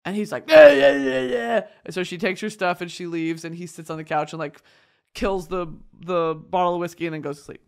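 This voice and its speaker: A woman vlogger retelling a story casually, swearing freely, laughing and shouting at times. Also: lowish voice, brisk. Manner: animated, profane, breaks into laughter and shouts.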